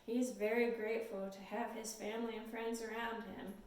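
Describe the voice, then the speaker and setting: A woman leading a storytime lesson for toddlers in a gentle, sing-song, encouraging way, recorded in a library room. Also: fairly high pitch, level tone, moderate pace. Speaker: children's librarian. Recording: echoey room, mic at a distance.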